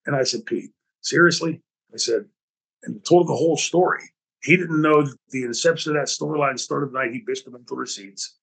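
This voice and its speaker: A husky-voiced man hosts his own podcast and spins backstage stories in a lively, profane storytelling style. He acts out the back-and-forth dialogue as he goes, with a mid-range voice. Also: mid-range voice, fairly quick, rough recording. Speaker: podcast host.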